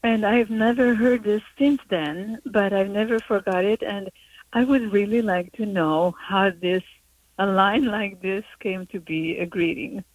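A woman's voice: medium pitch, steady tone, measured pace, no room sound, rough recording. Woman calling in. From Hungary. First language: Hungarian. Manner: hesitant, with many fillers. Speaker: caller. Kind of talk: call-in storytelling. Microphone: telephone call.

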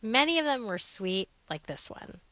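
A woman's voice: on the high side, very animated, normal speed, sharp tone, no room sound. A woman hosting a radio science show, reading scripted links in an upbeat way. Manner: upbeat, conversational.

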